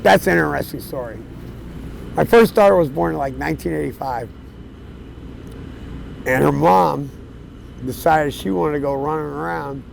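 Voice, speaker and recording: A man of around 60 telling his life story outdoors on a city street, plain-spoken and casual, with fillers and soft chuckles. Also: a little high, normal speed, creaky, long pauses, slight background noise, poor audio. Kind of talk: candid storytelling.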